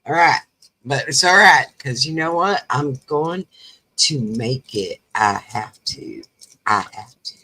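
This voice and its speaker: Sick woman co-host, croaky and folksy, rambles through a chatty story. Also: very deep voice, expressive, takes it slowly, bright, forceful tone. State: sick, under the weather. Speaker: co-host of a live chat show. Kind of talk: casual chat.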